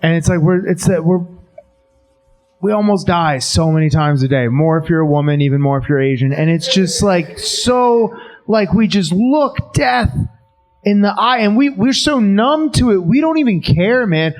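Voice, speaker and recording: A male stand-up comic in a basement venue, with a slightly high voice and a loose, rambling delivery. He drifts through the bit with plenty of fillers and restarts. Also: normal speed. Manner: laid-back, rambling. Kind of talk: stand-up set.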